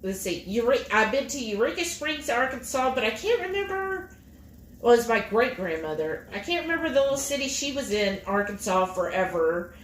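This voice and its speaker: Chatty woman with a lively voice. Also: a little high, normal speed. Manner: chatty and expressive, reads comments aloud in bright voices. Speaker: livestream co-host reading viewer comments. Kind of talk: casual livestream chat. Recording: roomy echo with faint noise.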